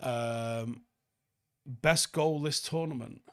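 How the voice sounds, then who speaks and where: Manc bloke doing a live footy review, reads out chat n swears a lot, average pitch voice. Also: male voice, drawn-out words, fairly bright tone. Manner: blunt, sweary, reads viewer comments aloud and answers them. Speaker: football channel host.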